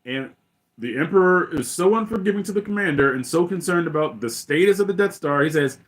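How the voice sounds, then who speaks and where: A man's voice: a little high, animated, a little fast. A young man hosting a live stream, talking through film scenes in a fired-up way and dropping his voice to quote lines. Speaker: host.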